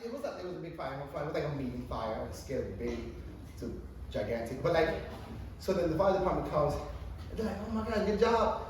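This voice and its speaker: Man, 30s, first-time stand-up comic; loose, filler-heavy storyteller with a lively, high voice; distant mic, roomy coffee-shop echo. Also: brisk. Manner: rambling, filler-heavy, swearing, animated storytelling. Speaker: stand-up comedian. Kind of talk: stand-up comedy routine. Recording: echoey distant room recording with ambient noise.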